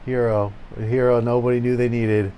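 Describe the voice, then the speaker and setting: A man's voice: medium pitch, little pitch movement, fairly quick, dark tone, slight background noise. A man playing a tabletop game in a casual, playful way. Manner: playful, laughs often. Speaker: player.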